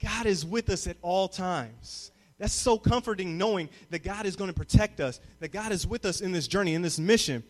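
Young man, youth pastor, sermon, high-pitched, call-and-response, echoing church hall. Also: normal speed, few pauses. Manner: builds from calm teaching to loud call-and-response. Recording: long reverb of a hall.

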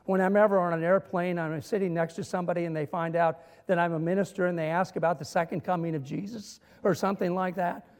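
A man's voice: sits high, fairly even intonation, quick pace, few pauses, long reverb tail. A male minister preaching a sermon, telling humorous stories and building to emphatic points. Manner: storytelling with humor and dramatic emphasis.

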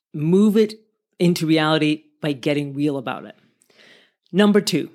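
A woman's voice: deep voice, a little mellow. A woman who makes films and writes books, giving earnest, conversational advice to her viewers and piling up questions as she talks. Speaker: filmmaker and author giving advice. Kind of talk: motivational talk to viewers.

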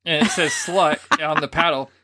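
Male podcast co-host, slightly higher voice, animated storyteller who acts out quotes. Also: moderate pace. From grew up Catholic. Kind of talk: casual storytelling chat.

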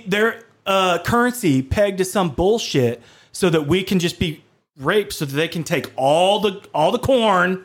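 A man's voice: sits high, animated, measured pace. A man co-hosting a casual podcast, ranting bluntly and swearing freely. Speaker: podcast co-host.

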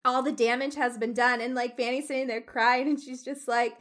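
High, bright young woman chatting animatedly. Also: fairly quick. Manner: animated, frequent "like", gets loud when upset. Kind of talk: casual book discussion.

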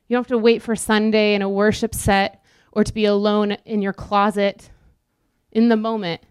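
A woman's voice: mid-range voice, steady tone, moderate pace, smooth, no echo, studio quality. A woman preaching a sermon, emphatic and repetitive, acting out quoted inner voices.

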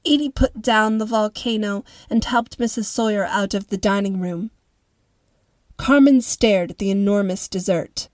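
A woman narrating a story in a calm, even way as the host of a story podcast. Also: mid-range voice, unhurried, no room sound.

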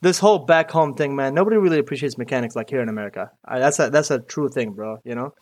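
A man's voice: mid-range voice, fast talker. Young man, from Iraq, casual interview talk, rambling, laid-back. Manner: loose and rambling, full of "dude" and "you know". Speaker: mechanic guest.

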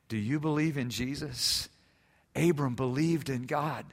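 A man's voice: medium pitch, measured pace. A male pastor preaching a sermon, telling a story and building to fervent emphasis, in an echoey church sanctuary.

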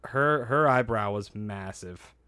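A man's voice: fairly low pitch, slow, bright, forceful tone, clear, resonant tone, no room sound. A man casually telling a story on a podcast, acting out quotes and laughing often, a bit nasal from a hurt nose.

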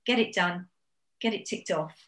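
Woman coach on a podcast, brisk and encouraging, echoey room. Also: fairly low pitch, a bit bright. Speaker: business coach guest. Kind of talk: casual interview chat. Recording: roomy echo.

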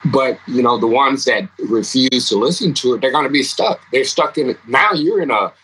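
A man's voice: mid-range voice, normal speed, a little hiss or hum, rough recording. A man, a guest musician, telling stories in a casual interview, laughing often and acting out what people said. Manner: animated, laughs often, acts out quotes.

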